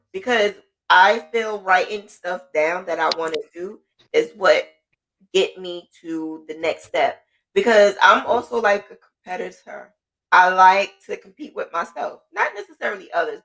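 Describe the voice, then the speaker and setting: A woman hosting a podcast in a casual monologue. She talks in a chatty, motivational way with frequent fillers, and her voice jumps up in excitement when she quotes her own thoughts. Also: medium pitch. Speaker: podcast host.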